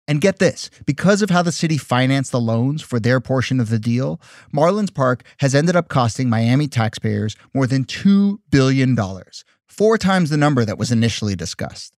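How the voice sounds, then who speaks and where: A man's voice: medium pitch, expressive, moderate pace, a little mellow, no room sound, clean studio sound. A man hosting a podcast, narrating in a wry, conversational and skeptical way. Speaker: podcast host. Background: faint music.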